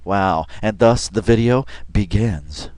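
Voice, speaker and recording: A man's voice: lowish voice, animated, slow, a little mellow, dry recording. A man giving casual reaction commentary on a video, rambling and chatty with lots of fillers and restarts, often laughing as he talks. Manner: laughs often while talking.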